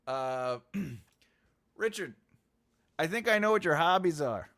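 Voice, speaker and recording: A man's voice: a little high, animated, slow, pauses often, a bit bright. A man hosting a writing channel livestream, casually chatting and teasing viewers in a playful, giggly way.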